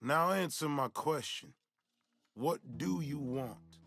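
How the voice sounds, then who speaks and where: A man's voice: on the high side, slow, a bit bright, no room sound, soft background music, exaggerated voice. A man voicing a suspicious, frightened recluse who speaks curtly from behind his door. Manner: curt and suspicious.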